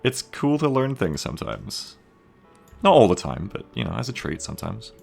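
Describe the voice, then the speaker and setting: Deep-voiced, self-mocking man streaming. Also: moderate pace, vocal fry, faint music behind. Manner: relaxed, self-mocking, swears casually, reads chat aloud. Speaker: streamer and mod developer. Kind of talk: casual live-stream chat while coding.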